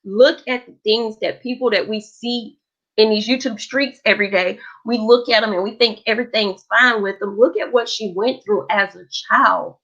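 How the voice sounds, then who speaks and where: A woman's voice: on the high side, moderate pace, fairly bright tone. A woman hosting a casual live stream, reading comments aloud and talking in a caring, comforting, emphatic way with a vernacular flavor. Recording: slightly lo-fi.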